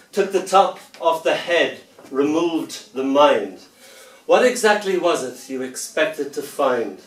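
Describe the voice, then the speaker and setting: A man reads his poems aloud with a playful, theatrical touch, lingering on words and letting pauses hang. His voice sits fairly high for a man. He sounds some way off from the mic, in a roomy, echoing venue. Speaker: poet. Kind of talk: poetry reading to an audience. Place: festival venue indoors. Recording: echoey room, mic far off.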